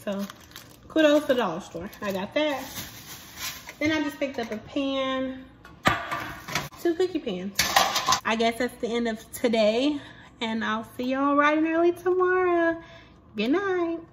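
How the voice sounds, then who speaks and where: A woman's voice: sits high, a little slow, pauses often, heavy background noise. Chatty young woman vlogger. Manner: chatty, playful, exclaims to viewers. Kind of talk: casual vlog chat.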